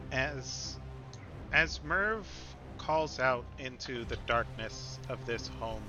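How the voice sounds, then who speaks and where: A man runs a tabletop game, narrating the scene slowly and pausing often on fillers. His voice sits at a middle pitch. Music plays clearly behind him. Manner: slow, hesitant narration with many fillers. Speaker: game master. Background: background music.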